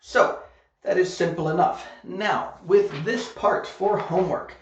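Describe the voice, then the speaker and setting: A man's voice: high voice, a little slow, a little hiss or hum. A man teaching an online English grammar lesson, modeling example sentences carefully and checking in with "okay?" as he goes. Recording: echoey room, dull lo-fi sound.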